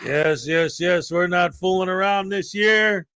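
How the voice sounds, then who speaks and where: Playful high-voiced livestream host man. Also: unhurried, hardly any pauses, a faint crowd. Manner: playful, joking, sometimes shouting excitedly. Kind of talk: casual chat reading viewer donations. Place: small crammed home desk setup.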